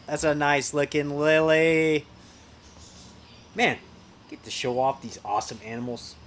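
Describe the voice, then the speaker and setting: A man's voice: on the high side, a little slow, a bit bright, slight background noise. A man hosting a live reptile sale, chatting casually and enthusiastically about the animals. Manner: upbeat, enthusiastic, admiring. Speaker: livestream host selling reptiles. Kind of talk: casual live sales chat.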